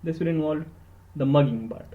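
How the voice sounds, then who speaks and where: A man's voice: fairly high pitch, moderate pace, narrow, tinny audio. Earnest Indian man giving study tips. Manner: earnest and emphatic, repeats words for stress, switches into Hindi. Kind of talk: instructional podcast talk.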